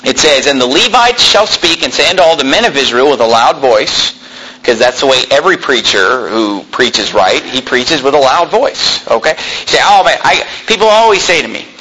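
A male pastor preaching a sermon in a loud, yelling style, in a church room with no sound system. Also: medium pitch, lively intonation, normal speed, slight background noise, rough recording. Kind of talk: fiery sermon.

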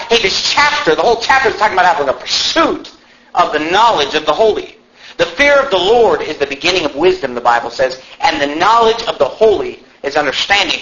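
Male pastor, fairly high and forceful delivery, church sermon, muffled lo-fi audio. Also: sing-song. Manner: emphatic preaching, reads verses slowly, rising on exhortations. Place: church sanctuary.

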